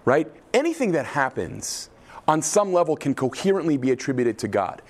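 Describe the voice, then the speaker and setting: A man teaching a class on biblical texts, talking with an animated, questioning manner and often checking in with "right?". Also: a little high, normal speed. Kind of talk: lecture with class discussion.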